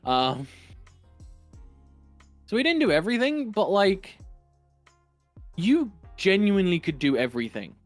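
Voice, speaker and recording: A man's voice: high-pitched, sing-song, unhurried, pauses often, dry recording, faint music behind. Young East London man, sweary and rambling, podcast co-host, dry close mic. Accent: London East End. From England. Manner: rambling, profane, frequent ums and restarts. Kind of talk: casual chat.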